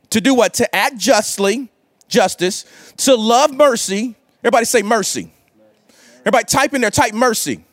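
High-voiced casual preacher man. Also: lively intonation, normal speed, no echo. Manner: casual, slangy, calls for viewer responses. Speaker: pastor. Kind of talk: livestreamed sermon.

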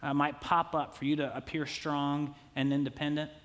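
Man, 30s, pastor; relaxed conversational sermon with humorous asides, a touch high in pitch. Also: normal speed. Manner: conversational, jokey asides, acts out quotes.

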